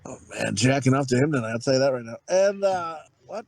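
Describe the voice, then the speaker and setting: A podcast co-host in his thirties, his mid-range voice gravelly and expressive, talks a little fast amid crowd noise. In casual chat he tells crude, rambling stories and acts out what people said.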